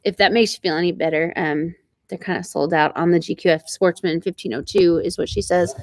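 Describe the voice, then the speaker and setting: Speaking fairly quickly in a lowish, fairly even voice with no echo, a middle-aged Oklahoman woman runs a casual live stream from her ranch. She chats with her audience, reading their messages and calling out names.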